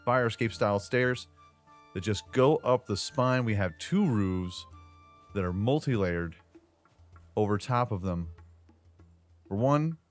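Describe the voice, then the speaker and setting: A man with a somewhat low voice talks through a gameplay tour in a loose, joking way, full of slang and asides. He sounds like a regular channel host speaking into a desk mic as a voice-over. Faint game music sits quietly behind him. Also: expressive, takes it slowly, pauses often. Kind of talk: casual gameplay commentary.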